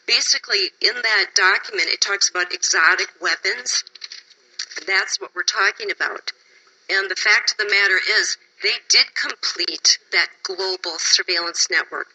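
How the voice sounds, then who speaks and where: A woman from Wisconsin testifies at a public hearing, tired and emotional. Her voice is very bright but husky. She pleads with the panel and at times sinks to a whisper. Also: mid-range voice, normal speed, rough recording. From Wisconsin, USA.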